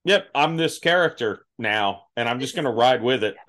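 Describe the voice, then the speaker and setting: A young man chats casually on his podcast, poking fun at himself as he tells stories. His voice sits at an ordinary middle pitch, and he breaks into laughter at his own jokes. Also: animated, moderate pace, a bit bright. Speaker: podcast host. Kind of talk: casual interview chat.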